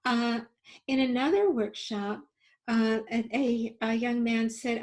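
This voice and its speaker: An older woman with a high, squeaky voice, leading a webinar workshop and telling stories with many fillers and restarts. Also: measured pace, a little mellow. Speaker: workshop leader and webinar presenter. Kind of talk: storytelling in a webinar talk.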